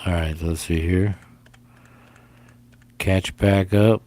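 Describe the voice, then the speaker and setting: A man's voice: sits low, fairly even intonation, slow pace, a little mellow. A man hosting a casual livestream game, rambling and jokey and often repeating himself. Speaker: livestream host.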